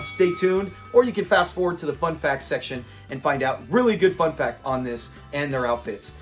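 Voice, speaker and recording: A man casually recapping a classic sitcom episode, animated and laughing often as he retells scenes. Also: high-pitched. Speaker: show reviewer.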